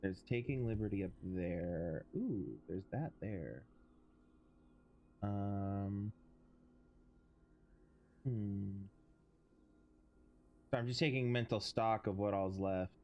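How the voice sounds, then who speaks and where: A man's voice: fairly low pitch, slow pace, pauses often, a little mellow, dull audio, slight background noise. A man streaming a video game, giving tired, drawling casual commentary and muttering to himself. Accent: American.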